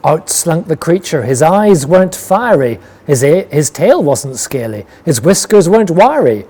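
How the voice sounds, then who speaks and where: A man reading a rhyming picture book aloud with a rhythmic, expressive delivery. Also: a little high, unhurried, few pauses. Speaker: storyteller.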